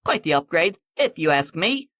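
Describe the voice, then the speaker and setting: A man voicing a cocky younger man with a Cockney accent in an audiobook, loud and mocking. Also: on the high side, very animated, moderate pace, no room sound, clean studio sound. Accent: London Cockney.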